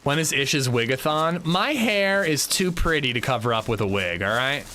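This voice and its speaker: In a casual gaming livestream, a young man with an expressive mid-range voice, bright and forceful at a moderate pace, chats with his viewers while he plays. He's loose and profane, reading chat and answering it, and there's slight background noise.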